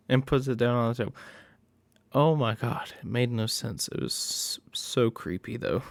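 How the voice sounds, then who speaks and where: A man giving a casual recap of a horror movie, excitable and profane. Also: mid-range voice, unhurried, creaky, dry recording.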